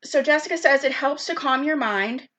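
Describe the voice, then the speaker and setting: Over a video call, a program specialist runs an online youth workshop in a high, fairly bright voice at a moderate pace. Cheerful and talkative, she calls out viewers by name as she reads their comments.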